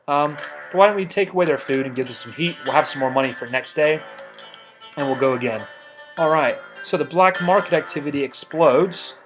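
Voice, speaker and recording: A man's voice: medium pitch, a bit bright. A man giving let's play commentary, talking himself through each step and scolding the game's characters in mock outrage. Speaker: game commentator.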